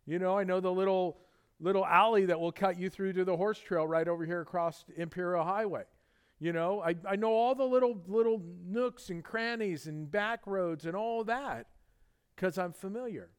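A man's voice: high-pitched, normal speed, smooth. A man preaching a casual, conversational sermon, telling anecdotes and acting out bits of dialogue. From Southern California. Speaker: pastor.

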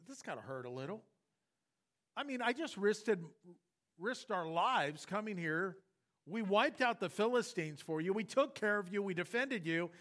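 A pastor preaching an expository sermon, acting out the voices of the people in the story. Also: male voice, sits high. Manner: animated, acts out voices of the story.

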